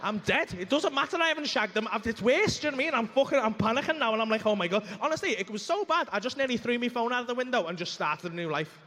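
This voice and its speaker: A man doing stand-up storytelling on a club stage, sweary and animated, acting out his own dialogue. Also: very high-pitched, racing, few pauses. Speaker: stand-up comedian. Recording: live club room with faint ambience.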